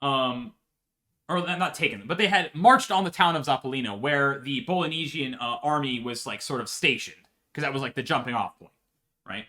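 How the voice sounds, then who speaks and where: A man's voice: medium pitch, normal speed, pushed and bright. A man telling a history story for laughs in a profane, rambling way, often checking in with "right?". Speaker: podcast host.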